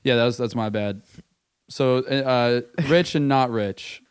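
A man's voice: mid-range voice, slow pace, clean tone. A man guesting on a casual podcast, profane and joking, laughing often.

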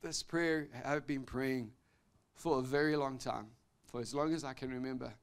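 A man preaching a sermon as pastor, animated, swinging between loud exclamations and soft confiding tones, often laughing between phrases. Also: mid-range voice, moderate pace, clear, resonant tone.

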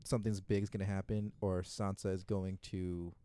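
A man's voice: low-pitched, flat delivery, moderate pace, warm tone, clean tone. A man co-hosting a casual podcast chat, rambling and restarting often as he recaps a TV season and acts out characters' lines. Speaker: podcast co-host.

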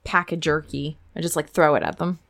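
A woman's voice: sits low, fairly even intonation, brisk, vocal fry, a bit bright. A woman playing in a tabletop game, talking in a casual, laid-back way about her character. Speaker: player.

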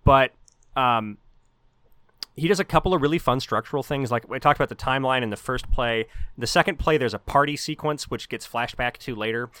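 A man of middle pitch talks quickly and analytically, laying out his points at length in a casual book chat. The recording is dry and close, with no room sound. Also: bright, forceful tone, clear, resonant tone, no room sound. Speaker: podcast co-host.

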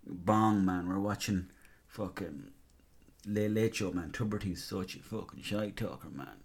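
A man's voice: deep voice, unhurried, gravelly. An Irish man doing a stoned, drawling young lad. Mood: giggly. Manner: drawling, sweary, laughing at his own story. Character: stoned, laid-back young man at a shop counter.

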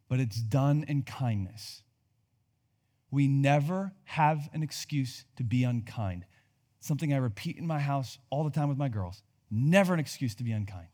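A man's voice: mid-range voice, warm tone. A man in his thirties, a pastor preaching a sermon in a conversational way that climbs to emphatic peaks.

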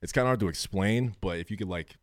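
Podcast co-host, man, quick low voice, dry close mic, rambling casual talk. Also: dry recording. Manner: fast, rambling, many fillers and curses. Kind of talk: casual chat.

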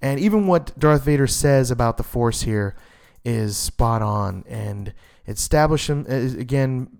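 Man, casual comic review, enthusiastic and rambling, smooth clear voice, mid pitch. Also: animated, measured pace, darkish tone. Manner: enthusiastic, rambling with fillers and restarts.

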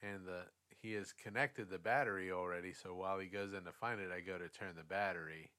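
A man's voice: low-pitched, fairly even intonation, fairly quick, sharp tone. A man telling a long, profane story in casual chat, acting out what people said. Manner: rambling, profane, acts out quotes.

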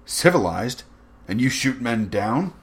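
A man's voice: mid-range voice, big pitch swings, a little slow, voice pushed up. A man voicing an earnest, indignant young hunter with a heated manner.

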